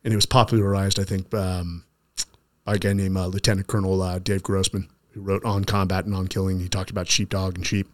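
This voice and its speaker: Earnest, low-voiced middle-aged male host. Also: flat delivery, fairly quick. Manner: earnest, stops and restarts mid-sentence. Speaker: podcast host. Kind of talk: conversational interview.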